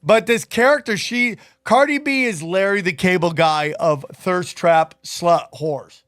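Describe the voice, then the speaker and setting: A man hosting a podcast in casual chat, animated and joking, with crude asides. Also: sits high, unhurried, no echo, clean studio sound. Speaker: podcast host.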